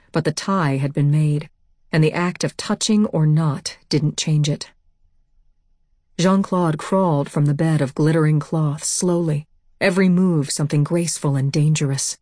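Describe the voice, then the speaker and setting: A woman's voice: low voice, warm tone, dry recording, clean studio sound. A woman reading a first-person novel aloud as audiobook narrator, with an intense delivery.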